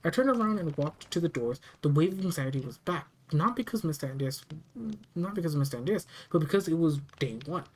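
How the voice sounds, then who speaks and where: A narrator reading a first-person horror story aloud, steady and plain, with small restarts. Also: mid-range voice, fairly quick, low-quality recording.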